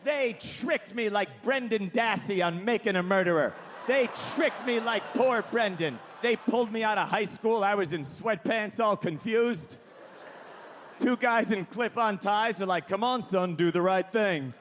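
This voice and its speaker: Man doing stand-up comedy, high lively voice, shouted punchlines, noisy live recording. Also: a little slow. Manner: animated, self-mocking, building to shouted punchlines. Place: stage before a live audience.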